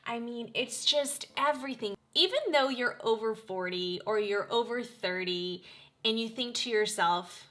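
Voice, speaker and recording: A woman in her forties gushing through a casual makeup tutorial, talking straight to her viewers with frequent excited exclamations. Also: a little high, measured pace. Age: 40s. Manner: gushing, animated, exclaims often. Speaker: beauty vlogger.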